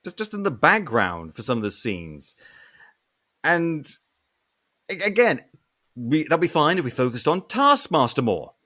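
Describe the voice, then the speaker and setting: A man's voice: fairly high pitch, big pitch swings, a little slow, pauses often, bright, forceful tone. A man hosting a podcast, ranting animatedly through a casual film review and swearing often. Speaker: podcast host.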